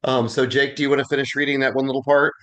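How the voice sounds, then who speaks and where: A man leads a Bible class in a relaxed, chatty way. He tells side stories with obvious enjoyment and speaks to his students warmly. His voice sits at an ordinary middle pitch. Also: rapid-fire. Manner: chatty, storytelling, encouraging. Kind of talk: casual class discussion.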